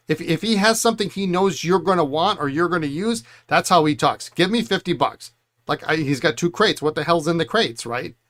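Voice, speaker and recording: A man's voice: fairly high pitch, pushed and bright. A middle-aged man hosting a pen repair stream, rambling through stories and chuckling often. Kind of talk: casual chat while working.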